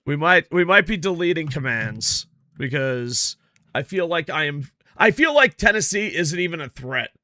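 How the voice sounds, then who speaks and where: A male streamer talks over his football game in a bright, slightly high voice, cursing and complaining about his stream setup. The sound is close and dry, with no room around it. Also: moderate pace, no echo. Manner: profane, excitable, grumbles at his stream tech. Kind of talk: casual gameplay chat.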